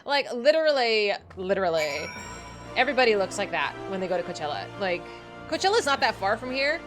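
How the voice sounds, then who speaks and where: A chatty young woman streaming a game, talking in casual valley-girl phrasing with a sprinkling of swears. Her pitch bounces widely as she talks. Faint game music plays underneath. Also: very animated, fast talker. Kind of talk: casual gaming livestream chat.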